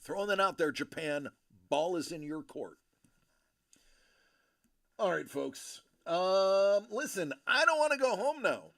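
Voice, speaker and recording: Give me a man bantering with his stream chat, unhurried and animated. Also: high-pitched, creaky, no room sound, studio quality. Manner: joking, animated, rambling banter. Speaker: livestream host breaking trading cards. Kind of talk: casual chat with a live audience.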